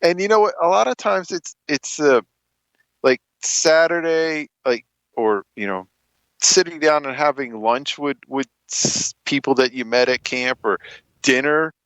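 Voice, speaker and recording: A man's voice: fairly high pitch, animated, a little slow, fairly bright tone, dry recording, low-quality recording. A man in a casual chat, joking and talking in loose, rambling sentences.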